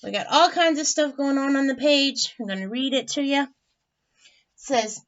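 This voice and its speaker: A woman teacher reading a picture book aloud to children, animated and chatty, with friendly asides. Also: sits high, normal speed. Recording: dull lo-fi recording.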